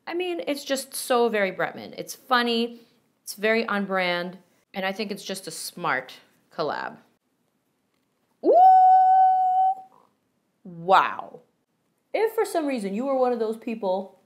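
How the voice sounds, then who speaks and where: Chatty young woman reviewing makeup. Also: mid-range voice. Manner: chatty and enthusiastic, playful asides. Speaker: beauty vlogger. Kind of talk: makeup tutorial and product review.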